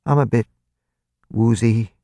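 A man voicing a frail, frightened young woman who speaks barely above a breath, halting and apologetic. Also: medium pitch, vocal fry, no echo, studio quality, voice pushed up. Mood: shaken, apologetic. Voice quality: barely audible, soft.

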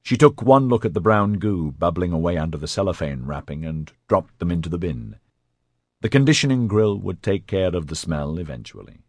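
A man reading fiction as an audiobook narrator, with an expressive, dramatic storytelling manner. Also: low voice, moderate pace, no echo. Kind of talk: scripted narration.

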